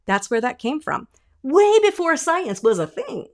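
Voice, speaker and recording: A woman vocal coach teaching an online singing lesson, demonstrating sounds and acting out little voices. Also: a little slow. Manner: animated, demonstrates sounds and sung notes; acts out imagined voices with leaps in pitch.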